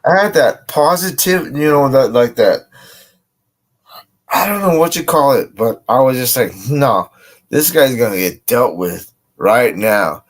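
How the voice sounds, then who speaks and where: A man's voice: mid-range voice, animated, measured pace. Profane man telling a street story. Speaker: guest. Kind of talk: casual storytelling.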